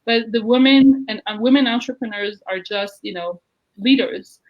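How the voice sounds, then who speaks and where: A woman's voice: on the high side, normal speed, lo-fi sound. A woman hosting a live video-call interview, gushing and effusive in manner. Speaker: host of an online interview show. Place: at home in Jerusalem.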